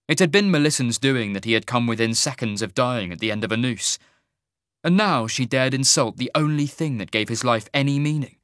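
A man's voice: mid-range voice, brisk, fairly bright tone, no room sound. Man narrating an audiobook in a dry room.

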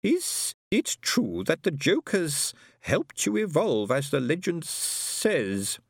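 A high, slow-spoken alien scholar. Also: male voice, sing-song, breathy edge, no echo, studio quality, heavily acted. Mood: inquiring. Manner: slow, lifted and careful. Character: curious alien male scholar, thoughtful and probing.

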